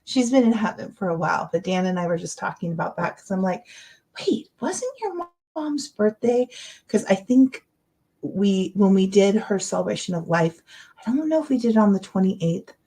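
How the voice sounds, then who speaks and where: Middle-aged woman, chatty livestream host, rambling and encouraging, average pitch. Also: expressive, fairly quick, mellow. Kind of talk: casual livestream chat. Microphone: webcam or computer mic, livestream.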